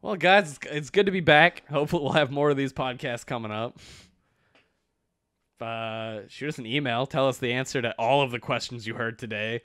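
A man's voice: mid-range voice, moderate pace, fairly bright tone, no echo, studio quality. A young man co-hosting a podcast in casual chat, laid-back, swearing and laughing often. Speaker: podcast co-host.

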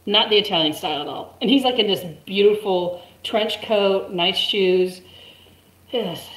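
A woman in her forties tells a story as a chatty guest. Her voice sits mid pitch and laughs come easily. The recording has a roomy echo around it. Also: measured pace, fairly bright tone. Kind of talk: casual storytelling.

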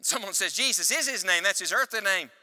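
A male evangelist delivers an emphatic church sermon, pausing so the congregation can shout the next word back. His voice sits high and sounds bright and piercing. It rings out with a long reverb, as if in a big hall. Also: animated. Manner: emphatic preaching with call-and-response.

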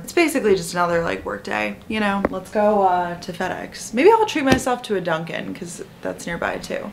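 A young woman in her twenties, a lifestyle vlogger, chats casually to the camera in a city apartment and out on the streets, rambling with lots of "like." Her voice is mid-range, and the background is noisy.

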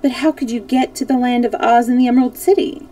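Polite curious little girl voice, a woman reading, high and kinda gravelly, far from mic. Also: steady tone, quick pace, mellow, dry recording, lightly acted. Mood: earnest. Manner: polite and wondering.

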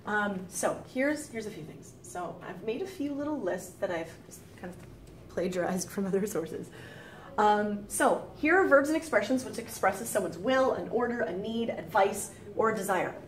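A woman's voice: medium pitch, animated, normal speed. A woman teaching French in a casual video lesson, chatty and rambling, acting out quoted thoughts and laughing easily. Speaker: French tutor.

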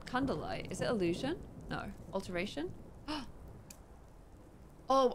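A young woman streaming a game, chatting excitedly with her viewers while losing her voice. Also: high voice, slight background noise. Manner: chatty, excitable, talks to herself while playing. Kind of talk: casual gameplay chat with viewers.

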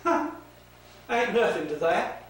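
An older man voicing a sly, smooth-talking male serpent-devil who drawls casually and then turns hushed and earnest, in an echoey room with the mic set far off. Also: high-pitched, expressive, takes it slowly, heavily acted.

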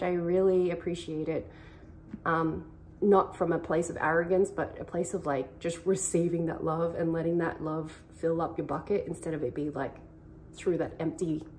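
This is a young woman who speaks in a lower register than most women. She talks casually and earnestly about faith and relationships, rambling from thought to thought and filling gaps with "like" and "you know.". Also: mellow, slight background noise. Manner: earnest, rambling, heavy use of "like". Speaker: vlogger. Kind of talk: casual faith-based advice chat.

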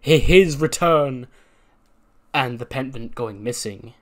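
Man reading as a smug cryptic young wrestler, cocky, medium pitch, wrestling sim story. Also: slow, close to an everyday voice.

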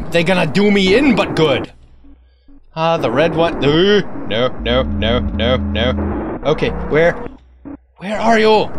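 Male let's-play host, unhurried and animated, silly banter with sudden yelps. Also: high-pitched. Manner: excitable, talks to the game's keys and locks. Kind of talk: playing a horror maze game. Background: game music.

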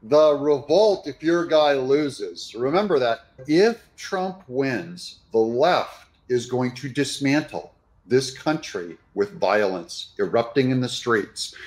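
A man giving sarcastic, animated reaction commentary on news clips. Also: mid-range voice. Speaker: political commentator.

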